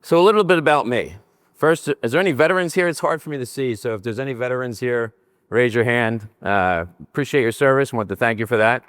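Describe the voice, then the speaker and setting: An older man from New Jersey giving a conference presentation, animated and joking as he talks with his hands. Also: medium pitch, quick pace, clear, resonant tone, no echo. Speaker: conference speaker. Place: conference session room.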